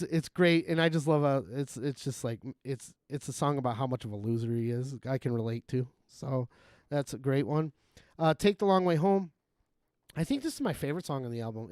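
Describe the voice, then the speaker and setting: A man's voice: mid-range voice, animated, moderate pace, a little mellow, no echo, clean studio sound. A man streaming a game, chatting casually in a rambling, profane way and chuckling often. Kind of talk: casual gaming-stream chat.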